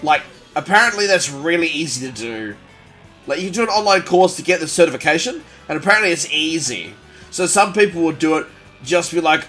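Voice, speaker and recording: Male gaming streamer, casual rambling chat, bright and forceful voice, lively swings in pitch, faint music behind. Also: normal speed. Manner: animated, rambling and jokey.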